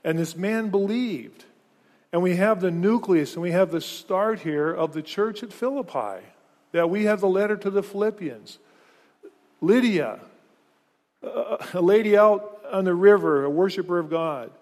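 Preaching earnestly to his congregation, the pastor speaks a little slowly in a somewhat high voice with a darkish tone, often stumbling and restarting his phrases. The sermon echoes with a long reverb, like sound filling a large church hall.

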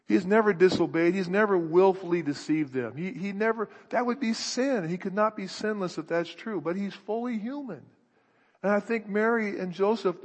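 A man's voice: high-pitched, slightly rough. A man preaching a sermon, earnest and searching, thinking aloud with restarts, in an echoey hall.

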